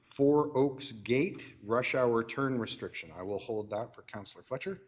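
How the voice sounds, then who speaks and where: A man with a Canadian accent chairing a council meeting, reading agenda items and motions in a brisk, dry procedural way. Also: mid-range voice. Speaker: committee chair.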